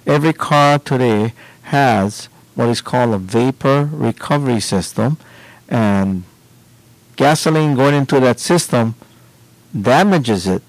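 A man hosting a radio show and explaining things to listeners in a deliberate way. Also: mid-range voice, no echo, poor audio. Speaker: radio host. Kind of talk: radio advice talk.

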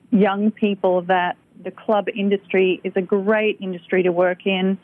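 A woman's voice: medium pitch, no room sound. Female guest on a phone line, businesslike and promotional, dry and tinny sound. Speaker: magazine and business producer, guest. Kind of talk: casual interview chat.

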